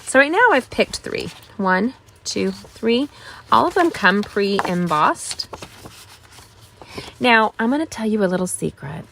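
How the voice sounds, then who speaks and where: Live craft host, woman, middle-aged, chatty and upbeat, mid-pitched voice. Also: lively intonation, takes it slowly, gravelly, fairly bright tone, slight background noise. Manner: chatty, greets viewers, enthusiastic asides. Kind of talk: casual live-stream craft demo.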